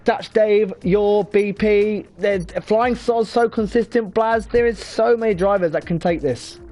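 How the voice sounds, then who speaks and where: Guy hosting sim race commentary, hyped, talks it all up, trips over words a bit. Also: high voice. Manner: energetic, hyping up the field, quick self-corrections. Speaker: lead commentator.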